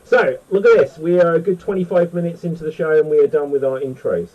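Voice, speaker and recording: A man's voice: on the high side, fast talker, far from the mic, narrow, tinny audio. A man hosting a casual online panel chat, rambling and correcting himself as he talks. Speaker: host.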